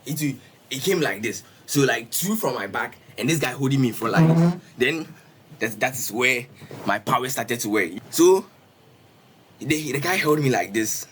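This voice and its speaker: A young man, telling a storytime on a casual livestream, animated and repetitive, dropping "bro" often. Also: mid-range voice, moderate pace, a little hiss or hum. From Ghana. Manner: animated, repetitive, peppers talk with "bro" and "Charlie". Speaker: streamer.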